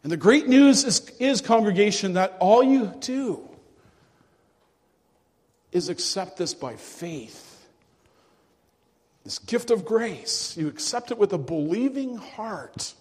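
A male pastor preaching a sermon to his congregation, earnest and emphatic, with hushed drops. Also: high-pitched, expressive, slow, long pauses, slightly rough, long reverb tail. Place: church.

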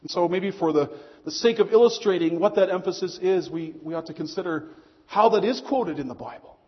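Male pastor, earnest sermon delivery, muffled recording with hall reverb. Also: high voice. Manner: earnest preaching, slowing on key phrases. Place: church hall. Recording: muffled long hall echo.

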